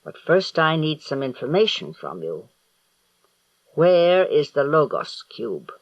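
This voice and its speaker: A man's voice: on the high side, very animated, dry recording, highs cut off, exaggerated voice. A man reading an audiobook, voicing a cold, vengeful evil sorcerer with a harsh, grating voice. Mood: menacing. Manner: slow, menacing, gloating.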